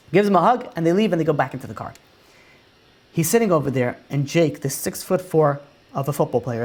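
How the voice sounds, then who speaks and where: A man's voice: a little high, darkish tone. A man, a rabbi, telling a story in a casual way, full of "you know" and "like" fillers. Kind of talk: oral storytelling.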